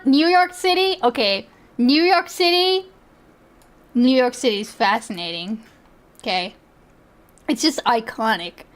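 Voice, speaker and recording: A young woman streaming and reacting in casual chat, excitable, laughing often and swearing freely. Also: a little high.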